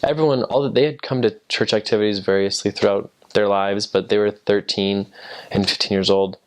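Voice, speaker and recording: Casually storytelling, a young American returned missionary rambles with lots of fillers and restarts. He talks a little fast, his voice on the low side with fairly even intonation.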